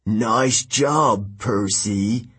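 A man voicing a smug, scheming young traitor in a storybook, calm and husky with a slightly raised pitch. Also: extremely slow, full character voice. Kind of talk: audiobook narration.

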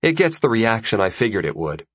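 Low, husky male audiobook narrator. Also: sing-song, a little fast, no room sound. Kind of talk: first-person story narration.

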